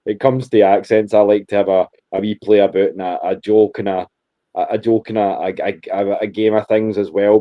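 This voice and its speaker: A man's voice: on the low side, dull audio. A Scottish man co-hosting a podcast in casual chat, joking and laughing often, with frequent restarts. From Scotland. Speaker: podcast co-host.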